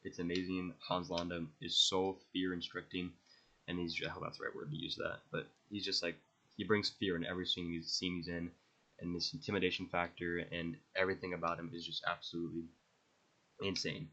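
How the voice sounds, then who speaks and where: A man's voice: low voice, little pitch movement, a little fast, pushed and bright, lo-fi sound. A young man hosting a podcast, rambling enthusiastically through his favorite movies and swearing freely. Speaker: podcast host. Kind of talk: casual movie ranking monologue.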